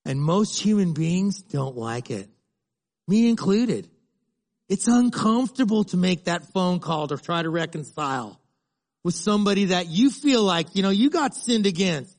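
A man's voice: high voice, animated, unhurried. A middle-aged male pastor preaching a sermon in a conversational way, acting out little dialogues.

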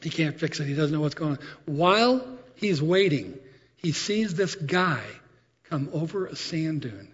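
A male preacher tells stories from the pulpit in a relaxed, animated sermon voice that sits a little high for a man. His voice rings out with a long reverb tail, and the recording sounds slightly dull and muffled. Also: measured pace. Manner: conversational, animated storytelling with asides. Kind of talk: sermon storytelling.

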